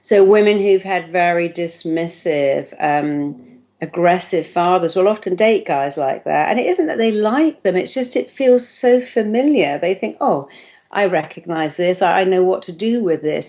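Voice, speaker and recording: Woman therapist, motivational speaker, lower voice, acts out quotes, lo-fi. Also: lively intonation, moderate pace, a little mellow. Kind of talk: motivational talk.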